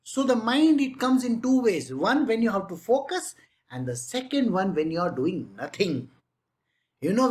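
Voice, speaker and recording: A woman teaching a spiritual lesson in a loose, conversational way, with a mid-range voice for a woman. She keeps checking in with her listeners through rhetorical questions and easy asides. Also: medium pitch. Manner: chatty, with frequent rhetorical questions and "you know".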